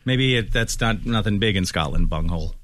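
A man's voice: fairly low pitch, a little fast, a bit bright, no room sound. A man hosting a morning radio show, joking and teasing in casual banter into a studio mic.

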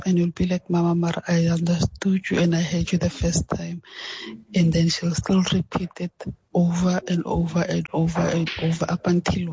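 A man's voice: fairly high pitch, background noise. A man leaving a matter-of-fact voice note for a radio show. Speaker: caller.

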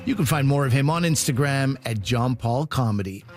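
A man hosting a radio comedy show, reading scripted introductions in a smooth announcer manner. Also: mid-range voice, expressive, normal speed. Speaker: radio host. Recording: studio voice over music bed.

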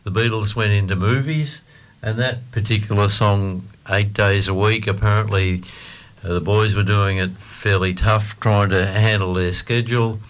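Older Aussie male radio host, fairly low voice, chatty and joking, tells stories and laughs easily. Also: steady tone, moderate pace. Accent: Australian. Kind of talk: casual radio chat.

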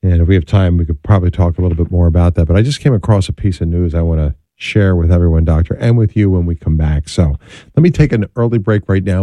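A man hosting a radio talk show, with a measured on-air delivery, speaking to a guest and his listeners. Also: low voice, warm tone, no room sound. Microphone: studio microphone.

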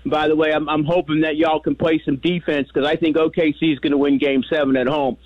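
An older man from New York calling in over a tinny, dry phone line. His voice sits slightly high, and he rambles through his stories with many restarts. He keeps the telling animated as he goes. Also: a little fast, dry recording. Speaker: caller. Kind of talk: call-in radio chat.

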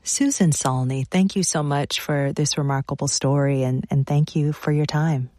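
Calm low-voiced woman radio host. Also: moderate pace, dry recording, studio quality. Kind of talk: radio interview.

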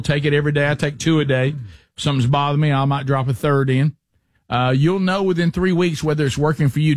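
A middle-aged man hosts a talk radio show, shifting from a sponsor read into loose, rambling stories full of restarts and fillers. His voice sits at an ordinary pitch for a man. The studio sound is dry and close. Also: no echo. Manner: chatty storyteller, frequent restarts and fillers. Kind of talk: casual talk radio chat and live ad read.

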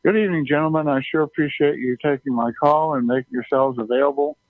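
A man's voice: fairly high pitch, fast talker, no echo. A courteous man calls in to a radio program to ask a Bible question. His voice comes through a tinny, narrow phone line, dry and close. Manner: polite, courteous. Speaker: caller. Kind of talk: calling in with a question.

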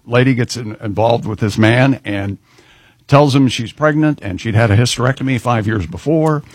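A man's voice: mid-range voice, normal speed, breathy edge, no echo. A man co-hosting a radio show, throwing in wisecracks and rambling through stories. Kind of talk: casual studio banter.

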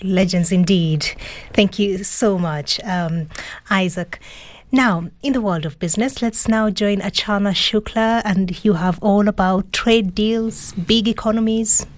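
A woman anchoring a news program, crisp, handing over between segments. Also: medium pitch, unhurried.

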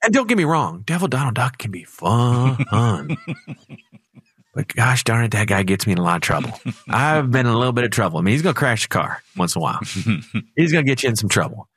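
A man's voice: mid-range voice, sing-song, brisk, fairly bright tone, breathy edge, dry recording. A man co-hosting a financial radio show, telling stories in a conversational way that sometimes speeds up. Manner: storytelling and conversational, with sudden speed-ups. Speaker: financial advisor co-host. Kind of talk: talk radio chat.

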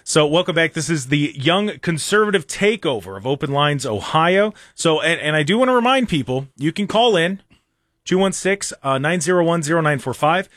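Sarcastic young talk radio host. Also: male voice, fairly high pitch, animated, moderate pace, fairly bright tone, dry recording, clean studio sound. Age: young adult. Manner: sarcastic, joking banter. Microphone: studio microphone.

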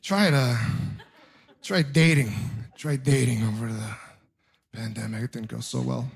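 A stand-up comedian in his thirties, with a mid-range, creaky voice and a slightly slow pace, tells self-deprecating stories. He throws animated asides straight to the crowd, and audience laughter can be heard.

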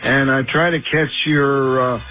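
A man's voice: medium pitch, fairly even intonation, a little slow, bright, forceful tone, dull audio, soft background music. A man leaving an affectionate, emotional voicemail for a radio host. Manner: emotional, affectionate, fighting tears. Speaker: caller leaving a message.

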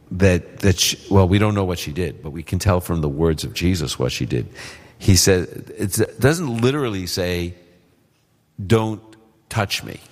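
A man answering Bible questions before a live audience, explaining in a relaxed, conversational way. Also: on the low side. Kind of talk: call-in Bible Q&A. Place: live event hall with audience. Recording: long hall reverb.

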